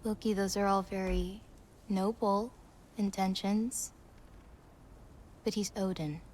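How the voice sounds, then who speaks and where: A young actress voicing a playful, teasing teenage giantess in video game dialogue. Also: female voice, mid-range voice, steady tone, slow pace, a little mellow, a little hiss or hum, close to an everyday voice. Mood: gentle.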